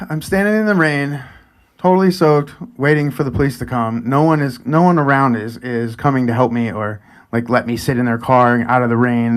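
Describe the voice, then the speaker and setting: A man in his forties telling a personal story live, chatty and animated, sometimes dropping to a near whisper. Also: medium pitch, clean tone. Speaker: storyteller and event host.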